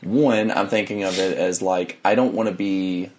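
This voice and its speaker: A man's voice: sits low, fairly even intonation, moderate pace, a little mellow, a little hiss or hum. A young man co-hosting a casual podcast, laid-back, with short agreeing replies and slang. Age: young adult. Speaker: podcast co-host. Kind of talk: casual chat.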